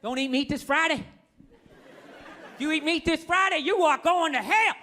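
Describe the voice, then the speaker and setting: A man's voice: very high voice, moderate pace, sharp tone. A man doing a mock-solemn impression of a preachy priest laying down threatening rules. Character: stern preachy male priest issuing rules.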